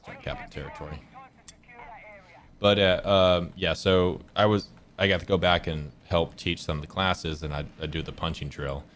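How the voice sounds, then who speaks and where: A man's voice: deep voice, steady tone, normal speed, a bit bright, slight background noise. A man giving casual gameplay commentary as a streamer, rambling and correcting himself as he tells stories, laid-back with some swearing. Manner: rambling, self-correcting storyteller. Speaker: gaming streamer.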